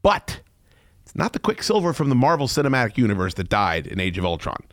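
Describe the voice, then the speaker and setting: A man hosting a podcast in casual chat, excitable and profane, often breaking into loud shouting. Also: mid-range voice, fast talker. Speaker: podcast host.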